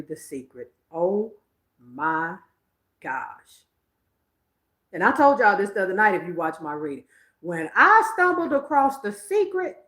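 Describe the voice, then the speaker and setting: A woman's voice: medium pitch, a bit bright, roomy sound. A woman, hosting a psychic livestream in casual, emphatic chat, laughing often. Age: 50s.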